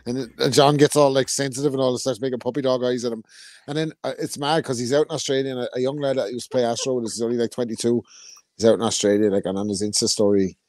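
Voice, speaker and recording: A man co-hosting a podcast and telling sweary stories. He talks fast, and his voice sounds dry and close. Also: mid-range voice, steady tone, a little mellow, no echo. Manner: sweary storytelling. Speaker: podcast co-host. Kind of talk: casual podcast banter.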